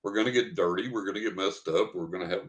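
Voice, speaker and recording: Low-voiced older man telling a story. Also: fast. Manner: rambling, chuckling anecdotal storytelling. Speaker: guest psychic and author. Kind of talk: casual podcast interview.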